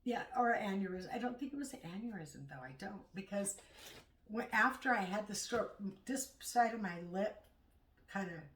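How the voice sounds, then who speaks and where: A middle-aged woman chatting casually at home in a vlog, rambling and halting as she talks. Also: mid-range voice, lively intonation. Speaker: vlogger. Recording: echoey room, far from mic.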